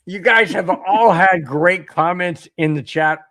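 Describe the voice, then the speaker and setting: A man's voice: high voice, measured pace, pushed and bright. A man co-hosting a casual sports podcast, laughing often and reading chat comments aloud. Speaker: podcast co-host.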